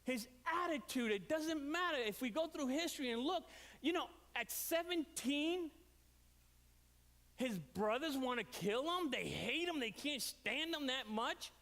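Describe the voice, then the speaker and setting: A man preaching a storytelling sermon, animated and leaping up in pitch for quoted voices. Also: measured pace. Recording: reverberant hall.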